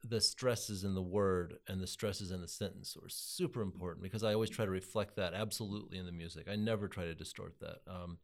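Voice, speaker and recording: Very low gravelly man, halting. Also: steady tone. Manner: halting, repeats words, warm enthusiasm. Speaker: composer, guest. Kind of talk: casual interview conversation.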